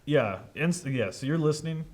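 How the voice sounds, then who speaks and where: A man's voice: fairly high pitch, animated, moderate pace, a little mellow. Rambling man running a tabletop game. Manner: casual, rambling, many fillers. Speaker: game master.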